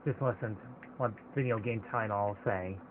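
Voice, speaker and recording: A man's voice: fairly low pitch, fairly quick, heavy background noise. A man casually commenting while playing a video game, rambling and stopping himself mid-thought. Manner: rambling, hesitant, chatty. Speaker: let's play host. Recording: tinny phone-like audio with game music.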